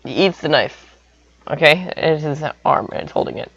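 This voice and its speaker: A man's voice: fairly high pitch, normal speed, a bit bright, no room sound, rough recording. A young man rambling through an improvised comic story, full of silly sound effects.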